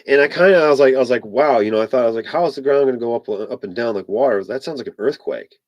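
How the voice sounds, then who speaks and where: A man tells a personal story in a loose, rambling monologue, circling back with "I was like" again and again. His voice sits at an ordinary middle pitch. The recording is dry and close, with no room sound. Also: racing, no echo. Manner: rambling, repeats "I was like", many fillers. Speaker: vlogger.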